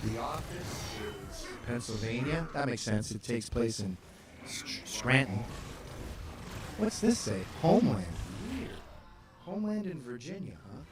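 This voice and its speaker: Animated, profane wisecracking man. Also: medium pitch, a little slow, background noise. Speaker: host. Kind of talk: casual comedic chat reacting to maps.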